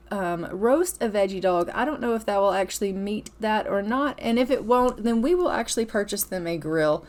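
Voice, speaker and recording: A woman's voice: medium pitch, darkish tone. A woman host narrating her life-simulation gameplay in a chatty, playful, casual way, laughing now and then. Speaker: gaming channel host. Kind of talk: casual let's-play narration.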